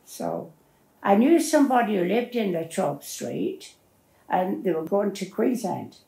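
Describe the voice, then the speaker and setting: A woman's voice: medium pitch, lively intonation, a little slow, vocal fry, warm tone. An older woman, telling her life story in a plain-spoken, rambling way as an interviewee. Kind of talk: personal storytelling. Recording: roomy echo.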